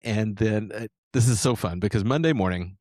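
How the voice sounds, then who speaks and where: A man's voice: on the low side, normal speed, a little mellow, no room sound, studio quality. A man hosting a sales coaching show, telling a story and promoting a training series in an enthusiastic, rambling way with frequent restarts. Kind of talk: casual sales coaching talk.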